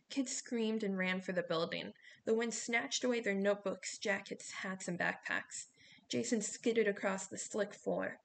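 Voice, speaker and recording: Gravelly-voiced woman reading an audiobook. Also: medium pitch, a little hiss or hum. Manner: steady, storytelling. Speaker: audiobook narrator. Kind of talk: audiobook narration.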